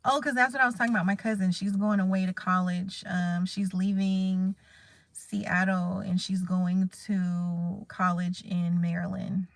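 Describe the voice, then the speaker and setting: A woman in her thirties chats casually to her viewers in a candid, emotional, wandering vlog delivered as heartfelt talk to camera. Her voice is fairly low, level, and unhurried with vocal fry, and there is no room sound.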